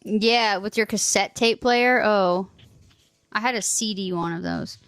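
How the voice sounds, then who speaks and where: A woman's voice: mid-range voice, measured pace, a bit bright. A woman in her thirties streaming live, chatting casually and teasing her chat, swearing freely.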